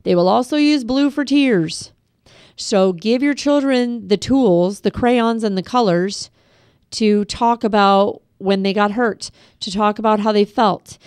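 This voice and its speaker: A middle-aged woman giving a parenting class over a webcast, calm and practical, speaking straight to parents with advice. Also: mid-range voice, measured pace, smooth, no room sound, clean studio sound. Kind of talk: instructional webcast talk.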